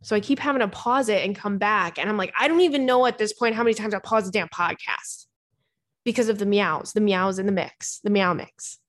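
A woman's voice: mid-range voice, fairly quick. A young woman hosting a podcast from her home, chatting frankly and casually about dating, swearing freely and calling her listeners "girl.". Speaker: podcast host. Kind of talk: casual advice chat reading listener messages. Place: home bedroom with cats.

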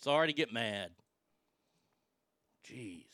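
A man's voice: medium pitch, animated, takes it slowly, dry recording. A man hosting a radio show, ranting angrily and swearing, feeling sick after being up all night. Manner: profane, ranting, shouting in outbursts. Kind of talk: angry talk radio rant. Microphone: broadcast board mic.

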